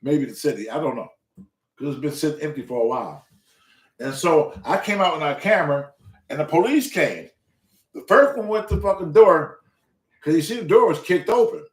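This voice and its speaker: Man, talk show host, high voice, casual storytelling, profane, emphatic, echoey room. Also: animated, moderate pace, far from the mic. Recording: roomy echo.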